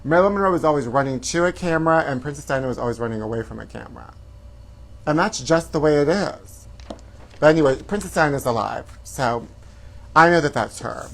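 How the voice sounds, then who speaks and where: A man's voice: medium pitch, brisk, gravelly, fairly bright tone. Campy male host, flamboyant gossip delivery, says honey a lot. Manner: flamboyant, calls viewers honey. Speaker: comedy show host.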